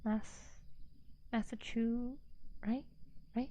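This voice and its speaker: A woman streamer in a soft-spoken ASMR chat, playful and giggly, slipping into whispers as she reads her chat aloud, on a binaural mic. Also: mid-range voice, slow. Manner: drifts into whispers.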